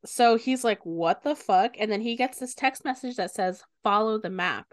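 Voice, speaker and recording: A young woman co-hosting a podcast, retelling a book's plot in lively casual talk and swearing often. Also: a little high, normal speed, no room sound, studio quality. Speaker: podcast co-host. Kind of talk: casual book discussion.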